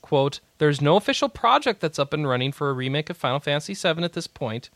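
A man's voice: on the high side, fast talker, dry recording. A young man hosting a gaming podcast, chatting casually, reading out news and jumping in to correct the others. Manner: excitable, cuts in to correct others. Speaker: podcast host.

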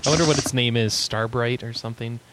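A man's voice: mid-range voice, fairly quick, very noisy. A man hosting a casual podcast chat, reading out listener letters and laughing often. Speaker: podcast host.

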